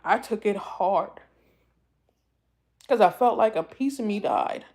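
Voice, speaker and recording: A woman's voice: mid-range voice, animated, slow pace, darkish tone. Heartfelt, rambling woman streamer from the East Coast. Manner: heartfelt, rambling, repeats herself. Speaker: YouTube livestream host. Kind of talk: casual livestream chat.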